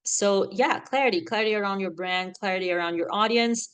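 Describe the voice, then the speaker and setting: A woman's voice: medium pitch, fairly quick, smooth. A woman in her thirties, a podcaster, talking casually and chattily about her experience. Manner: chatty, relaxed, with fillers. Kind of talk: casual talk to camera.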